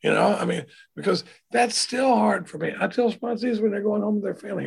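A man telling recovery stories in a relaxed conversational way, acting out the people he quotes. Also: sits high, fairly quick, gravelly, hardly any pauses, a little hiss or hum. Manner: animated, acts out quoted voices. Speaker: recovery speaker. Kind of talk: conversational storytelling.

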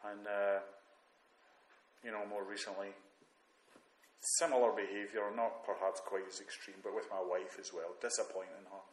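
A man's voice: on the low side, little pitch movement, moderate pace. A man reflecting candidly and with self-mockery on his own drinking and selfishness, often restarting his sentences. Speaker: recovering alcoholic sharing on the program. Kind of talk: reading aloud then personal reflection. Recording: roomy echo, faint background noise.

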